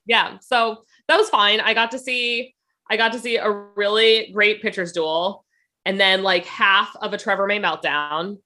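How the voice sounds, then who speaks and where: A woman's voice: mid-range voice, steady tone, a little slow, bright, forceful tone. A woman in her thirties co-hosting a casual podcast, playful and joking with frequent laughter. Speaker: podcast co-host. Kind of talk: casual chat.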